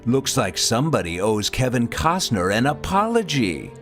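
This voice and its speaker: A man narrating a comedic show segment in a mock-dramatic, deadpan way. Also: medium pitch, moderate pace, few pauses. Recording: show clip with music underneath.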